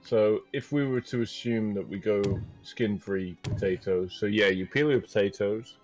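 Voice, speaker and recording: A man's voice: fairly low pitch, normal speed, darkish tone, soft background music. A British man chatting casually while playing a game, explaining things step by step in an easygoing way. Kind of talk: casual gaming chat.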